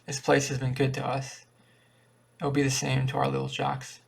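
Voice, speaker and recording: A man's voice: mid-range voice, monotone, a little fast, gravelly, breathy edge. A man voicing an eager, earnest young mother talking about her baby son.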